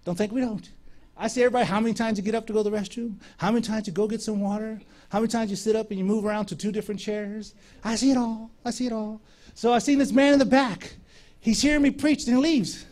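A man preaching, telling a lively story and acting out the dialogue of the people in it. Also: sits high, quick pace. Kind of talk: sermon storytelling.

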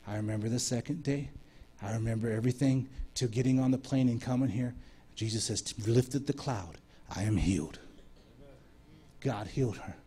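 A man's voice: fairly quick, warm tone, breathy edge. A male broadcast host making a promotional offer to his listeners. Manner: promotional pitch. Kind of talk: on-air book offer.

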